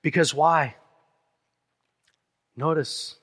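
A man preaching a sermon as pastor, earnest, dropping softly on key lines and speeding through asides. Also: on the high side, moderate pace. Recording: long hall reverb.

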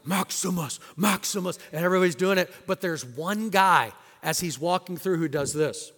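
A man's voice: fairly high pitch, animated, normal speed, fairly bright tone. A male pastor preaching a sermon in a conversational way and asking the congregation rhetorical questions. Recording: long hall reverb.

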